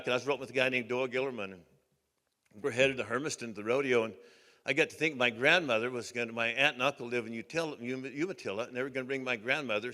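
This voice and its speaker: Older man telling bright, folksy rodeo stories. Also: medium pitch. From Oregon. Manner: folksy, rambling anecdotes with many restarts. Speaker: hall of fame inductee giving a speech. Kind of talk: banquet acceptance speech, storytelling. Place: banquet hall. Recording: long hall reverb.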